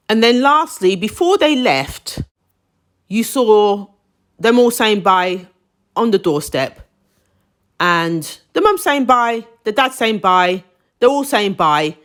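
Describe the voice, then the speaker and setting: A woman talks through a TV drama in a casual, opinionated review. Her pitch rises and falls in lively swings, and she drops into emphatic, indignant asides. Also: unhurried.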